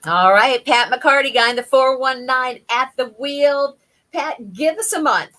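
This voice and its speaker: A woman hosting a morning radio show, brisk and cheerful as she takes calls. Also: sits high, pushed and bright. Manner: brisk and cheerful, quick call answering. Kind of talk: upbeat radio banter. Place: radio studio.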